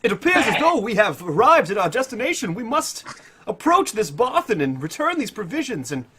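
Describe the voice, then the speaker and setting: Booming, high-pitched flamboyant hero voiced by a man, grandly formal, lively swoops. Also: a little fast, a little hiss or hum, exaggerated voice. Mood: pompous. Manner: grand, formal, shouting everything. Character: flamboyant loud-mouthed male adventurer.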